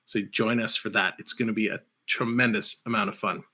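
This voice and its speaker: A man hosting a casual live-stream of hockey play-by-play and chat, who bursts into shouts on big plays. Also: on the low side, flat delivery, a little fast.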